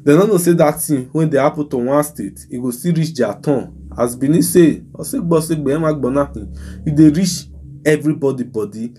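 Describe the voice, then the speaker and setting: A man's voice: on the high side, normal speed, dark tone, slight background noise. A man with a Nigerian accent hosting a mock news show, giving casual, exasperated commentary full of rhetorical questions. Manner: exasperated, rhetorical, emphatic ranting.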